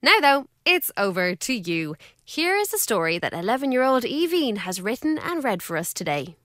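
A woman hosting a children's radio show, upbeat, cheerful and animated. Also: fairly high pitch, moderate pace, no room sound, studio quality. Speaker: host.

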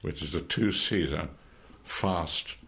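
An older actor being interviewed, telling stories in a relaxed, rambling way with many halting restarts. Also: male voice, deep voice, vocal fry. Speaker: actor guest. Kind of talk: relaxed anecdotal chat.

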